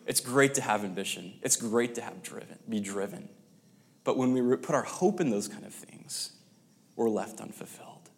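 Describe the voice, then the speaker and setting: A man's voice: mid-range voice, vocal fry. Man preaching a story-driven sermon. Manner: storytelling, with pauses and restarts, dropping to near-whispers.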